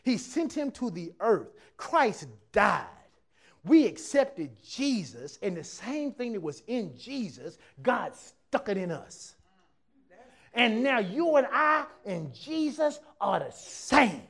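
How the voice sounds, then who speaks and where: Speaking slowly in a gravelly yet notably high voice, this pastor gives an animated sermon to the congregation gathered for a church service. He keeps a casual, easygoing tone, frequently imitates others' voices, and shifts between hushed side remarks and forceful declarations.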